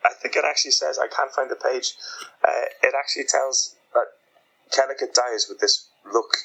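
Bright-voiced man chatting about a book. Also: mid-range voice, normal speed, vocal fry, slightly rough, rough recording. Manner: rambling, acts out quoted lines. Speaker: podcast co-host. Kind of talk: casual book review chat.

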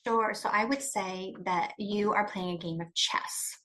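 A woman's voice: medium pitch, fairly even intonation, a little slow, bright, forceful tone. A middle-aged woman, a guest expert, talking emphatically and animatedly in a conversational interview, often restarting her sentences. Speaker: guest expert on coercive control.

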